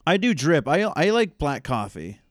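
A man's voice: fairly high pitch, very animated, moderate pace, no room sound, studio quality. A man hosting a casual remote podcast, chatting and joking in a playful, rambling way. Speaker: podcast host. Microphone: headphones and remote call mic.

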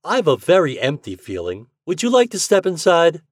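A man's voice: fairly high pitch, wildly swooping pitch, normal speed, no room sound, clean studio sound, voice pushed up. A man voicing a plump, joking young boy who teases and whines in play. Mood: playful.

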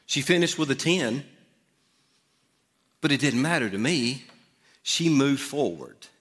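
A middle-aged man preaching to his congregation, easygoing and conversational as he tells a personal story. His voice sits at an ordinary pitch and rings with a long reverb off the sanctuary walls. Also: lively intonation, a little slow, a bit bright, breathy edge. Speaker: pastor. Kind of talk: storytelling sermon. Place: church sanctuary.

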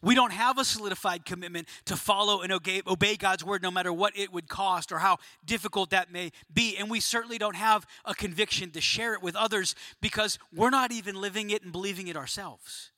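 A pastor preaching to a room of men, emphatic and questioning, sometimes dropping to a quiet, low voice for emphasis. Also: male voice, fairly quick, hardly any pauses, no echo. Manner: emphatic, rising to near-shouting questions. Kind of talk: sermon. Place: room of about a hundred men.

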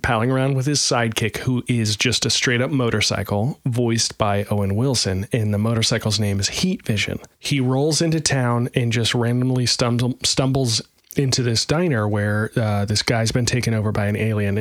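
A man co-hosting a podcast in a loose, rambling way, stumbling through fillers and poking fun at himself. His voice sits at an ordinary pitch in a dry, close recording. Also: moderate pace, no echo. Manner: rambling, self-deprecating, full of fillers. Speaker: podcast co-host. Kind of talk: casual chat.

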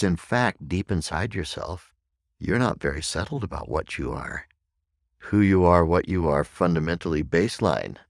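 A man speaking as a meditation teacher in a reflective podcast talk, slow and deliberate, repeating key phrases for emphasis. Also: low-pitched, gravelly, no room sound, clean studio sound.

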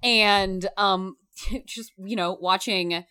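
A woman talking through a film in a casual, emphatic discussion, animated and swearing freely. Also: mid-range voice, extremely slow, smooth.

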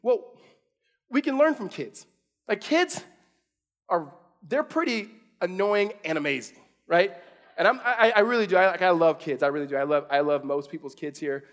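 A high-pitched man in his thirties preaches a sermon as if chatting with friends. He circles back, restarts his sentences and leans on fillers while he tells family stories. His voice rises and gets louder as he drives his point home. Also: very animated, moderate pace. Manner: casual storytelling with many restarts and fillers. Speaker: pastor.

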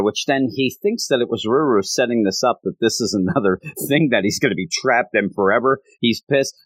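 A man's voice: medium pitch, dry recording, low-quality recording. Man rambling through a plot recap. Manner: rambling and amused, with many asides. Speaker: anime reviewer.

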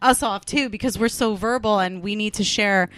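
A woman's voice: medium pitch, moderate pace, a bit bright. A woman co-hosting a podcast, talking bluntly and swearing in casual chat. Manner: blunt and profane. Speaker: podcast co-host.

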